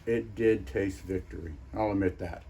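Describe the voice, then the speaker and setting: A man's voice: sits low, steady tone, moderate pace, dark tone, a little hiss or hum. A man who investigates the paranormal, telling a story in an interview in a rambling way.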